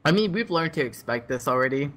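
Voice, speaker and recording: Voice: mid-range voice, lively intonation, fast, fairly bright tone. An esports caster doing casual commentary and teasing the co-caster.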